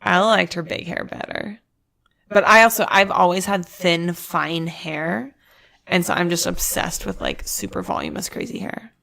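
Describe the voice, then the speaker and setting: A woman co-hosting a podcast in casual chat, with vocal fry, explaining things like a teacher. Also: lowish voice, lively intonation, normal speed, bright, forceful tone. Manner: chatty, explains language points like a teacher. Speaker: podcast co-host.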